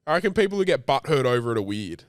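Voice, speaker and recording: A man's voice: mid-range voice, sing-song, rapid-fire, no echo, clean studio sound. A young Australian man co-hosting a podcast, blunt and full of swearing and banter. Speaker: podcast co-host. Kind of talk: casual chat.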